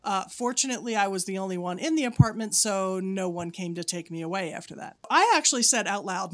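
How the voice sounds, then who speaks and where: A woman's voice: medium pitch, animated, fairly quick, few pauses. A woman co-hosting a casual podcast chat, animatedly telling a spooky story and acting out the dialogue. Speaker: podcast co-host.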